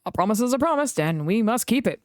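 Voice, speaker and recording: A woman voicing a calm, reassuring male bus driver. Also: on the high side, fast, dry recording, clean studio sound, pitched above the performer's own voice. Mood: steady.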